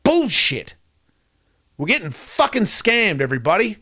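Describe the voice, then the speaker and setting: A man doing a profane stand-up rant, swinging between loud outbursts and quiet asides. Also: high voice, very animated, unhurried. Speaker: comedian.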